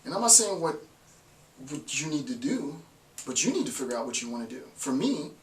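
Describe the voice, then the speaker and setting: A man giving an informal philosophy lecture, emphatic and forceful, often checking in with "right?". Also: on the high side, sing-song, a little fast, slight background noise. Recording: echoey room, voice from far off.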